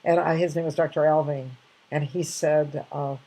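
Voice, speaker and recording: A woman's voice: deep voice, fairly even intonation, normal speed, mellow, rough recording. An older woman casually sharing reflective anecdotes, rambling with many restarts and fillers.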